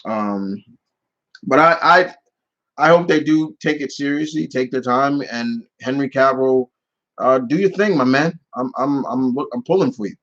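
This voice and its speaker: A man's voice: medium pitch, measured pace, a bit bright, highs cut off. A man casually answering viewer questions on his channel, rambling with many restarts and fillers. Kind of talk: casual live Q&A chat.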